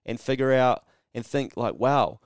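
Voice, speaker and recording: A New Zealand man talks through his solo podcast in a blunt, sarcastic, sweary way, slipping into mock dialogues as he goes. His voice sits a little low. The sound is dry and close, with no room around it. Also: fairly quick, clear, resonant tone, no room sound. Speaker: podcast host. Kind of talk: casual solo podcast monologue.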